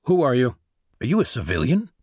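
A man's voice: mid-range voice, wildly swooping pitch, a little fast, a little mellow, husky, no room sound, studio quality. A man voicing an agitated male navy lieutenant trapped in a robot body, with demanding, clipped military speech.

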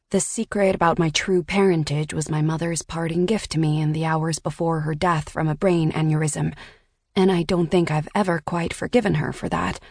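A woman narrating a first-person audiobook in a measured, reflective way on a close studio mic. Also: fairly low pitch, gravelly, no room sound.

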